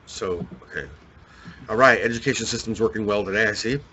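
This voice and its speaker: A man's voice: lowish voice, brisk, a little hiss or hum. A man co-hosting a casual webcast chat, joking and laughing a lot. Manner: joking, laughs often, animated. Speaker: co-host.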